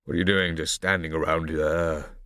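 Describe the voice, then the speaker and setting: A man reading an audiobook, voicing a tall, cold rich father who speaks slowly, bored and dismissive. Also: rumbling low, level tone, sharp tone, no echo, studio quality, pitched below the performer's own voice.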